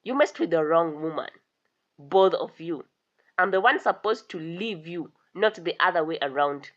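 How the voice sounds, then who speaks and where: A woman voicing a furious, vengeful middle-aged wife who shouts in anger, with a dull lo-fi sound. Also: fairly low pitch, animated, moderate pace, lightly acted. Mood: defiant. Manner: angry shouting.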